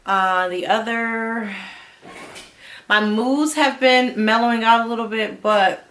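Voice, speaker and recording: A woman's voice: mid-range voice, fairly bright tone, slight background noise. A woman in her thirties, a vlogger, talking candidly and rambling a little as she gives a casual personal update. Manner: candid, rambling, with frequent fillers.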